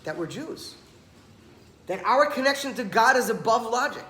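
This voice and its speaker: A man's voice: very high-pitched, normal speed. A man giving a storytelling Torah talk, acting out the dialogue as he goes. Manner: animated storyteller, acts out dialogue. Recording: echoey room, some background noise.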